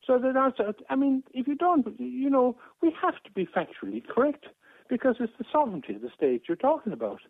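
A man's voice: very high-pitched, very animated, a little fast, creaky, no echo. Aggrieved man on a tinny phone line. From Ireland. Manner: aggrieved, rambling with many restarts and repetitions. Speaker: caller. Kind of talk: phone-in radio talk.

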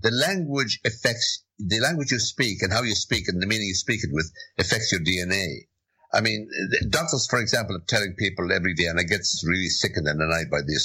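A man's voice: low-pitched, brisk, sharp tone, breathy edge, poor audio. A man with an Irish accent hosting a talk show, speaking emphatically and with strong opinions. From Ireland.

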